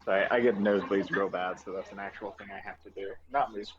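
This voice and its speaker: A man playing in a tabletop game, chatting in a relaxed way. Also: on the low side, fast, muffled recording. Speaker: player.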